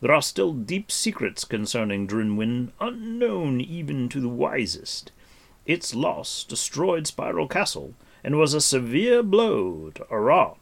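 A man voicing a calm, noble warrior prince who speaks in a measured, stately way. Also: mid-range voice, vocal fry, voice pushed up, heavily acted. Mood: grave.

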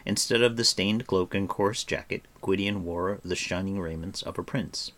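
A man narrating a storybook with an expressive reading. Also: low-pitched, moderate pace.

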